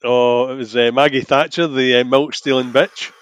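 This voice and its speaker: A man's voice: medium pitch, fairly even intonation, moderate pace, clear, resonant tone. Laid-back man chiming in on a podcast. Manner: laid-back, chips in with short replies and jokes. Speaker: podcast co-host. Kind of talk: casual chat.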